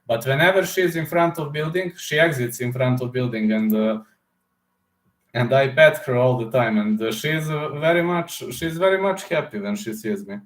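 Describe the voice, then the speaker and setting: A man from Serbia, hosting a casual livestream with a hoarse throat and often pausing to search for words. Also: mid-range voice, roomy sound. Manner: halting, searching for words, many fillers. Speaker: livestream host answering chat.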